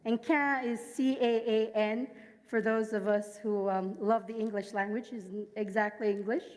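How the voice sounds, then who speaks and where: A woman's voice: medium pitch, fairly even intonation, moderate pace, a little mellow, in a large hall. A woman from Jamaica with a Jamaican accent, giving a sermon at a church service. She shares personal stories and has the congregation repeat lines after her. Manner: engages the congregation, asks them to repeat lines; personal storytelling.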